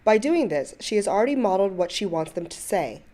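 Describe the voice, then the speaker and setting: Woman narrator, mellow voice, calm and measured, scripted voice-over. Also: medium pitch.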